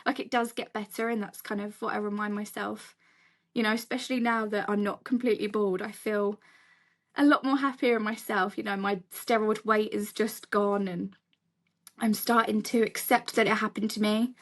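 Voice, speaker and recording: A woman's voice: mid-range voice, fairly even intonation, normal speed. Chatty young woman from Essex. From England. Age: 20s. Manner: open, chatty, many fillers like "you know". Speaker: cancer survivor sharing her story. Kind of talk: casual interview talk.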